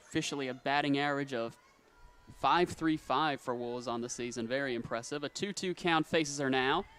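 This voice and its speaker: A young man calling play-by-play for a high school softball game, quick on routine calls and rising on big plays. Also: clear, resonant tone. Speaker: play-by-play announcer. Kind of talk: sports commentary.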